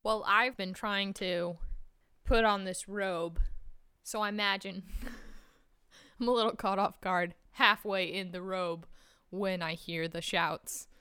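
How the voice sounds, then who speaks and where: A woman playing a tabletop game, giggling and rushing as she describes her character. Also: mid-range voice, steady tone, bright, forceful tone, smooth, no room sound, clean studio sound. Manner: giggly, rushed. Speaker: player.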